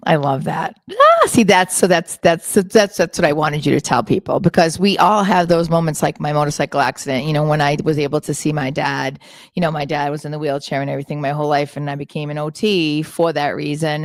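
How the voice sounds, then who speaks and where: Woman, radio host, low voice, chatty, meandering, middle-aged. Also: animated, a little fast, dry recording, studio quality. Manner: chatty, meandering, many fillers. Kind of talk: casual radio chat. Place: radio studio.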